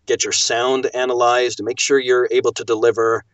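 A man who narrates audiobooks, speaking as a podcast guest in an animated, emphatic way. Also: mid-range voice, normal speed, dry recording, distant mic. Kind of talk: casual chat. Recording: dull lo-fi dry recording.

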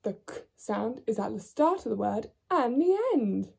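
A woman teacher giving a phonics lesson to young children, sounding out letters slowly and clearly in a sing-song way. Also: a little high, expressive, a little mellow, far from the mic. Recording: echoey room, away from the mic.

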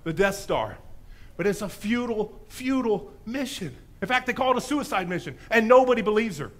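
A man preaching a sermon in a church, telling a story with lively animation and acting out the voices in it. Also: sits high, fairly quick. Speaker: pastor.

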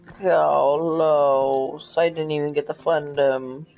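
A streamer chatting casually with friends during an online game, with a case of the hiccups and a playful, easily excited manner. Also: medium pitch, moderate pace, muffled recording, soft background music. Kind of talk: casual gaming chat.

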